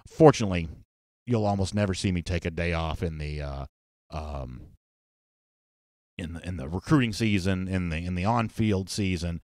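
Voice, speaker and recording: On a live sports talk show, a deep-voiced male host chats loosely and reads comments from viewers, rambling with plenty of fillers and false starts. The recording is clean and studio quality, with no room sound.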